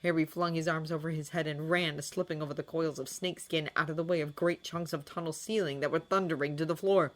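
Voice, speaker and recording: A woman narrating a fan fiction audiobook with expressive, dramatic storytelling. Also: low voice, fairly quick, few pauses.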